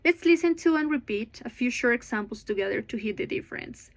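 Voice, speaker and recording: Woman teaching word stress, slow and deliberate. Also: fairly high pitch, lively intonation. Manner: clear, deliberate, stretches words to show the beat. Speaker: English pronunciation teacher. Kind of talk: classroom lesson.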